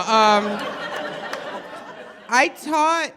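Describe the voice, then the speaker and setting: A woman from Chicago doing a stand-up set, brash and profane, swinging from deadpan asides to loud outbursts. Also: on the high side, takes it slowly, pauses often, over a noisy crowd, very noisy. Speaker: stand-up comedian and teacher. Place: comedy club stage with audience.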